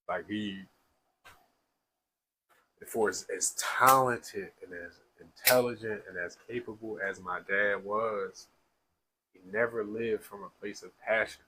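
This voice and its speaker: A man's voice: lowish voice, sharp tone, a little hiss or hum, rough recording. A man in casual, slangy conversation, telling an emotional personal story through tears, with many restarts. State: tearful. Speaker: speaker sharing his life story.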